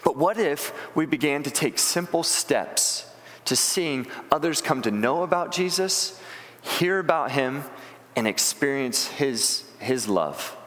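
A man delivers a sermon in a church sanctuary, speaking earnestly and plainly with frequent restarts. His voice sits a little high for a man. The sound carries a long reverb from the hall. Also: lively intonation, slow, fairly bright tone. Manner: earnest, plain-spoken, restarts words often. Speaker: pastor.

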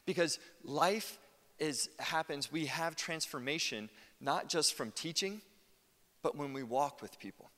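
An American man in his thirties, a pastor giving a conversational sermon with lively asides. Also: a little high, a little slow. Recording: long hall reverb.

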